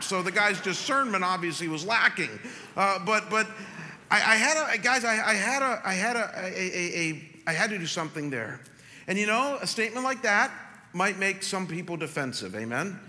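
Bright-voiced pastor in a reverberant hall. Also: male voice, high voice, normal speed, slight background noise. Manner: animated storytelling with many stammered restarts. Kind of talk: sermon. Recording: long reverb in a large hall.

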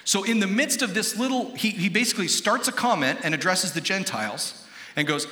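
An American man preaching a sermon as pastor, animated, acting out quoted voices and quizzing his congregation. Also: fairly high pitch, a little fast. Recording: echoey hall with long reverb.

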